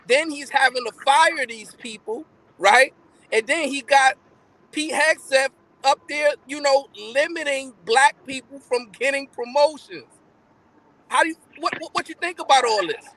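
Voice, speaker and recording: A man's voice: very high-pitched, unhurried, fairly bright tone, rough recording. A man co-hosting a live stream, rambling and hesitant with many fillers. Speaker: show co-host. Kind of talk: casual live stream chat.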